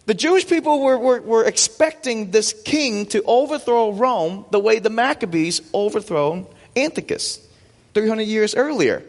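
Male pastor, animated sermon delivery with rhetorical questions, high voice, recorded in a reverberant hall. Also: normal speed.

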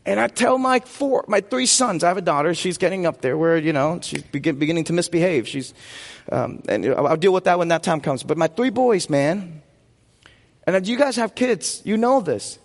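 High-voiced preacher in a reverberant hall. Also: male voice, lively intonation, normal speed, vocal fry. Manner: preaching with call-and-response questions to the congregation. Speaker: pastor. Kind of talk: sermon.

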